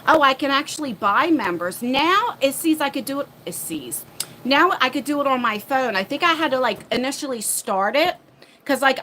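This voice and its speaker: A woman hosting a casual livestream chat from her phone, flustered and chatty as she thinks out loud. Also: high-pitched, slight background noise. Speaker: livestream host. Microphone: phone mic.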